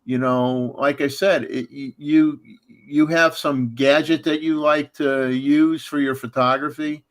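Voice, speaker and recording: A man's voice: fairly high pitch, steady tone, a little slow. A man hosting a casual livestream chat, rambling with lots of fillers and restarts and chuckling often. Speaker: livestream host.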